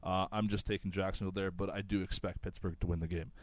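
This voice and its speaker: Relaxed low-voiced man hosting picks. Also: fast talker, dry recording. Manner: laid-back, swears freely, laughs loudly. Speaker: podcast host running weekly picks. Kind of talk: casual chat.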